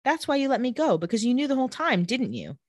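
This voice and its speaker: A woman's voice: sits high, very animated, fast, a little mellow, no room sound, clean studio sound. A woman reading out a peppy, self-mocking young vampire woman in a bouncy, dramatic way for a podcast recap.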